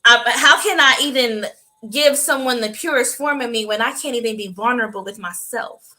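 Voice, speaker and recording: Female co-host, bright slightly high voice, emphatic casual storyteller. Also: normal speed, low-quality recording. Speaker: podcast co-host. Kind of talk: casual chat.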